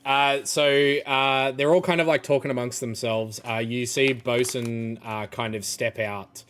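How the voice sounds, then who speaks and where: A man narrating as game master in a relaxed, hesitant way, with many fillers. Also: mid-range voice, measured pace.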